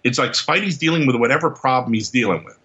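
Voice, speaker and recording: A man guest on a podcast, telling stories in an animated, casual way, acting out quotes and laughing often. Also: medium pitch, fast, lo-fi sound. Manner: lively storyteller who acts out quotes and laughs often. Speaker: podcast guest, comics writer.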